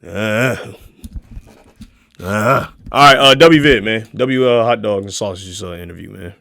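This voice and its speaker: A young man streaming a casual reaction video, profane and mocking, swinging into shouts. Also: on the low side, a little slow, creaky, dry recording, clean studio sound.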